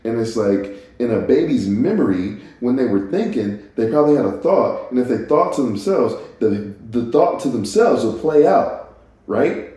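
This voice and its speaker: A man's voice: mid-range voice, animated, moderate pace, mellow. A man hosting a solo podcast, musing casually and rambling, stopping and restarting and laughing at himself. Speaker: podcast host. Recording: echoey room.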